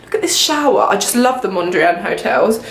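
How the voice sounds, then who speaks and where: A young woman vlogging to a handheld camera, gushing and excitable, often gasping and laughing. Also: medium pitch, moderate pace. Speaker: beauty vlogger. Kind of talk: casual vlog to camera. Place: hotel room and city streets.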